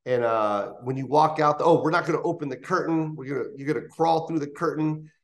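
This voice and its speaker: A man in his fifties, a stand-up comic, talks through his stories in a slightly high voice. He jumps into lively impressions of the people in each anecdote, and his pitch keeps rising and falling. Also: a little fast. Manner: animated, acts out voices in anecdotes. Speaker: comedian guest. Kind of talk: interview storytelling. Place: interview studio.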